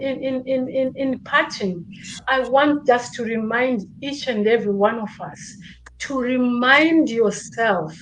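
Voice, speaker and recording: A woman's voice: on the high side, slight background noise, low-quality recording. A woman guest speaker on a video call, giving earnest, emphatic motivational parting words and repeating points for stress.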